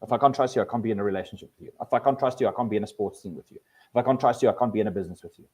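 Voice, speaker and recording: Male presenter, animated workshop delivery, restarts and repeats words. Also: on the low side, racing, breathy edge. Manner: animated, acts out quoted people with voice changes. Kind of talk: live workshop talk.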